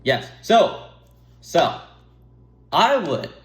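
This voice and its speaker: A man's voice: on the high side, very animated, very slow. A young man giving rambling, earnest advice to camera, breaking off to laugh at himself and drift off topic. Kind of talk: rambling casual monologue to camera. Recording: echoey room.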